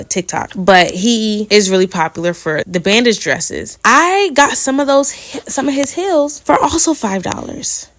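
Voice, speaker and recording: A woman's voice: medium pitch, vocal fry, no echo. A young woman hosting a casual solo podcast, chatting with playful slang and laughing as she goes. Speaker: podcast host.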